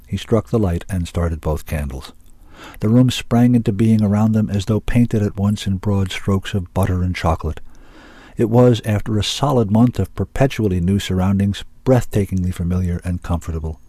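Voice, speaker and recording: Deep mellow guy narrating an audiobook, measured, dry close sound. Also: dry recording.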